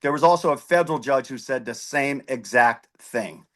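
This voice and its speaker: A man's voice: medium pitch, normal speed, fairly bright tone. A man speaking as a candidate at an online forum, giving an emphatic debate answer and repeating key words. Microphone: video call.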